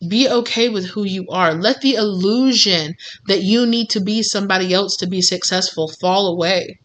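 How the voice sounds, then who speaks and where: A woman giving a casual tarot reading in an encouraging, informal way, often repeating herself. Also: medium pitch. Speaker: tarot reader.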